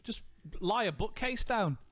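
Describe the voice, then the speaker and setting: A man's voice: high voice, animated, a little slow, fairly bright tone, dry recording, soft background music. A man co-hosting a podcast, joking and swearing in casual chat and laughing often. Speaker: podcast co-host.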